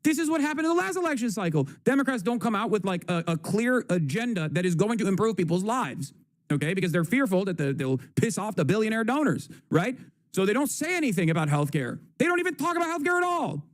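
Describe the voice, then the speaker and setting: Profane, high-voiced male political streamer. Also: very animated, quick pace, no room sound, studio quality. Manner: profane, combative, sarcastic. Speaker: livestream host. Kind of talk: political commentary.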